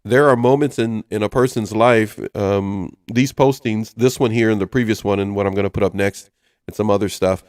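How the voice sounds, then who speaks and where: A man's voice: on the low side, steady tone, moderate pace, no echo, studio quality. A man hosting a casual radio talk show, reading items aloud in a chatty way. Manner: chatty, reads list items aloud, chuckles often. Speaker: host.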